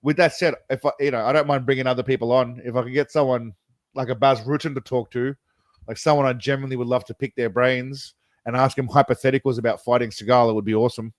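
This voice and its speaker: A male streamer reacting to videos rambles chattily and talks directly to his chat. His mid-range voice holds a steady tone at a fast clip, and the recording is dry.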